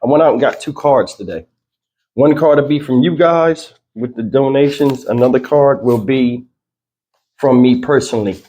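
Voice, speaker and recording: A man hosts his own commentary channel in a rambling, filler-heavy way. His voice is dark and mellow and still has its morning roughness, pitched about middle for a man. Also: moderate pace. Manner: loose, rambling delivery with frequent fillers. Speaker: channel host. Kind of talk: casual news commentary vlog.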